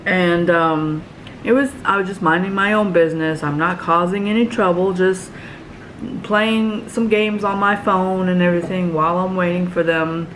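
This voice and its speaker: A woman vlogger telling a long story in a rambling, halting way, full of fillers and restarts. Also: lowish voice, fairly even intonation, fairly bright tone, slight background noise, low-quality recording. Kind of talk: casual story vlog.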